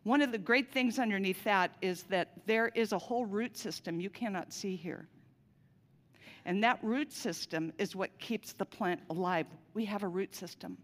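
A woman's voice: mid-range voice, moderate pace. A woman delivering a sermon, telling a personal story in a conversational way with casual asides. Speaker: pastor. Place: church sanctuary. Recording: long reverb of a large church hall.

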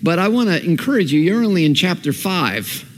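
A man preaching a sermon as pastor, lively and emphatic, repeating key phrases as he builds. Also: high-pitched, fairly quick. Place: church hall. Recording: long hall reverb.

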